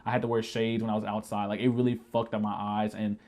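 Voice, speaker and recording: Fast-talking man telling a profane story. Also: fairly low pitch. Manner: profane, animated retelling that shouts quoted lines. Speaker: vlogger telling a military story. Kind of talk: casual storytime vlog.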